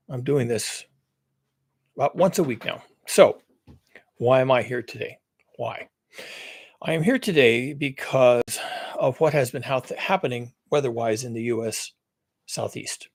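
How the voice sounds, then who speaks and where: A man of middling pitch explains things earnestly to his live audience, going back over his points and listing them again. His voice sits close and dry on a computer mic, with no room sound around it. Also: no room sound. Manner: earnest, repetitive, explaining with lists and restarts. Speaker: climate commentary host. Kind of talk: live-streamed solo talk.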